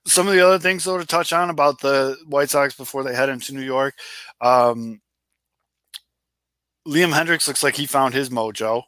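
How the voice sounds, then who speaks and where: Man, bright forward voice, enthusiastic, laughing, profane, casual sports chat, dry sound. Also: mid-range voice, moderate pace, dry recording. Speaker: podcast co-host.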